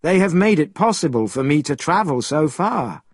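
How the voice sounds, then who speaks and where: Guy playing a gentle polite monk, a bit high, husky, slow storybook voice. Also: sing-song, no echo, clean studio sound, exaggerated voice. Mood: earnest. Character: gentle, earnest male monk.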